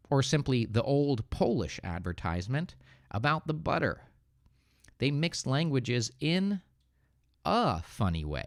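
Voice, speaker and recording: A man from the Northeastern United States with an American accent, relaxed and joking as he reads viewers' comments aloud and corrects them on a live English lesson, speaking into a good microphone. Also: medium pitch, dry recording, clean studio sound. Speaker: English teacher hosting a livestream. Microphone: good studio microphone.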